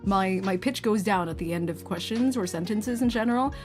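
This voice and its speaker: A woman's voice: medium pitch, brisk, over music. A woman hosting a VTuber stream, telling stories animatedly in casual chat, breaking into laughs and voiced quotes.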